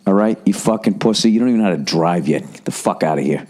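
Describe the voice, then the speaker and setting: Ranting, profane middle-aged man. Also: fast talker. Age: 40s. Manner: ranting, heavy swearing, animated rises in pitch. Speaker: podcast host. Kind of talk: casual comedic monologue.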